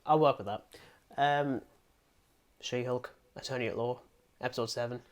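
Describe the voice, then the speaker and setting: A man's voice: medium pitch, steady tone, moderate pace. A man from England co-hosting a podcast, reviewing films in a casual, rambling, self-deprecating way with lots of "um"s. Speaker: podcast co-host. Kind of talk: casual film review chat.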